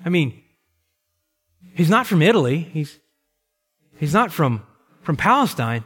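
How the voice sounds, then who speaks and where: Eager stammering husband, voiced by a preacher. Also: male voice, fairly high pitch, sing-song, unhurried, a bit bright, slightly rough, exaggerated voice. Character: friendly, eager husband in a congregation. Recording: long reverb in a large hall.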